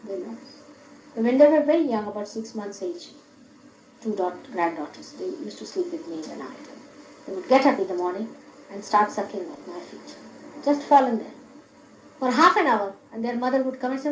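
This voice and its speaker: An older woman giving an informal spiritual talk in a public hall, often laughing and speaking in an animated, instructive way. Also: mid-range voice, moderate pace. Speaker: spiritual teacher. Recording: echoey hall, faint background hiss.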